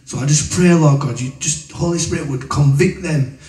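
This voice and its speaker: A man's voice: on the high side, normal speed, darkish tone, recorded from a distance. Man preaching in an echoey room. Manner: chatty, colloquial storytelling. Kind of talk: testimony and teaching. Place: room with an audience. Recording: echoey room, voice from away from the mic.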